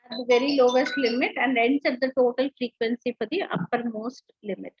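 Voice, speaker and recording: A woman's voice: fairly high pitch, fairly even intonation, a little fast, husky, no room sound, lo-fi sound. A woman teacher giving an online lecture, explaining step by step with frequent fillers and restarts.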